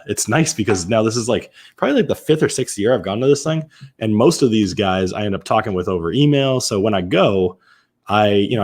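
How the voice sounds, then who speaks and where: Answering viewers during a casual live-stream whiskey tasting, a Massachusetts man with a voice on the low side chats loosely. He often restarts his sentences and corrects himself.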